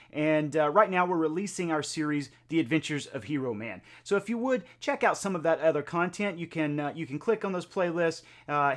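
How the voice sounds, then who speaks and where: A man hosting a music reaction video, talking in a chatty, conversational way with lots of filler words. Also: fairly high pitch. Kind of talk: casual reaction video talk.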